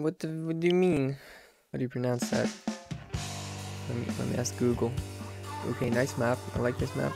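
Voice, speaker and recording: A man giving live gameplay commentary as a streamer, excitable and breaking into shouted outbursts. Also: medium pitch, moderate pace, creaky, long pauses. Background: loud game music.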